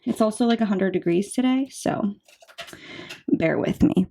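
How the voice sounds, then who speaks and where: A woman in her twenties with a mid-range, gravelly, dark-toned voice chats casually to camera as a budgeting vlogger. She speaks unhurriedly yet sounds a little out of breath, bubbly and talkative, full of fillers and asides.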